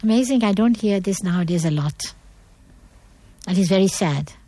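A woman's voice: mid-range voice, moderate pace, dark tone, no room sound. A middle-aged woman from India, giving an earnest, emphatic talk on manners as a guest. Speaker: guest speaker.

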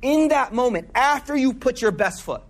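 A man's voice: extremely high pitch, animated, normal speed. A man delivers a casual sermon. He talks in loose slang, tells stories and keeps checking in with the audience. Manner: slangy, conversational, asks the audience questions. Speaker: Muslim speaker giving a talk.

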